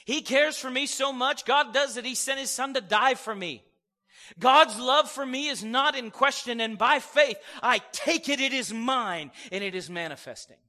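A man preaching a sermon to a congregation, energetic and joking, acting out quoted voices. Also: very high-pitched, normal speed, long reverb tail.

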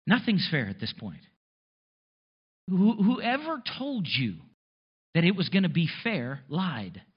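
Lively, husky-voiced preaching man. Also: on the high side, takes it slowly, highs cut off. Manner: conversational preaching with sarcastic asides and rhetorical questions. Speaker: pastor. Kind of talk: sermon.

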